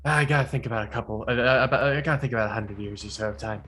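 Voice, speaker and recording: A man's voice: medium pitch, very fast, bright, forceful tone. A man playing a tabletop role-playing game, talking in character in an evasive, rambling way. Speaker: player.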